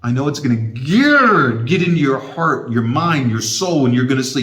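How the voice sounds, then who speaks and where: A man's voice: mid-range voice, sing-song, moderate pace, hardly any pauses, a bit bright, roomy sound. A man giving an impassioned motivational talk straight to his viewers, repeating his points with heavy emphasis. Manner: impassioned, repetitive and emphatic, emotional to the point of tearing up. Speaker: motivational speaker.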